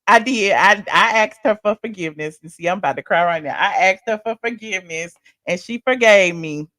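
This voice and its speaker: Animated woman hosting live. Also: medium pitch, fairly quick, dry recording, studio quality. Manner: animated, chatty, expressive, swings from loud to soft. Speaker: live-stream host. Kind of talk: casual live-stream chat.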